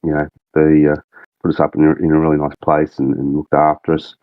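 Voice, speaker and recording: Deep-voiced Australian man, laid-back. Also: monotone, brisk, no echo, narrow, tinny audio. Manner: rambling, laid-back storytelling. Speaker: guest, game mod creative director. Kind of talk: casual podcast chat.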